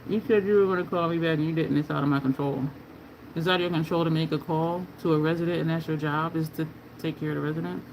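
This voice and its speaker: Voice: medium pitch, fast, a little hiss or hum, low-quality recording. Blunt storyteller. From Camden, New Jersey. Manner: animated, blunt venting storyteller who curses. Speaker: makeup artist livestreamer. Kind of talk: casual chat while painting.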